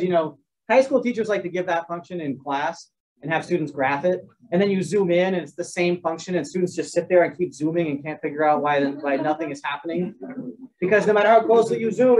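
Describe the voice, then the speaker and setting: A man's voice: high-pitched, a little fast, darkish tone. A man teaching a math class in a casual lecture, rambling with joking asides and restarting himself as he works through sums. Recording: dull, distant classroom recording.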